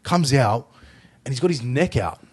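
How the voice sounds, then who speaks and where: An Australian man hosting a podcast, chatting casually and telling animated stories, swearing freely. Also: mid-range voice, normal speed. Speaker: podcast host. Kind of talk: casual chat.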